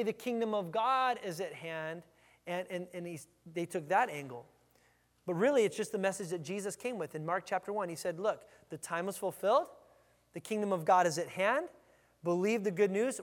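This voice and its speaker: A male pastor preaches an energetic, emphatic sermon in a high voice with a bright edge, often doubling back and restarting his words. The long echo of a big church sanctuary surrounds him.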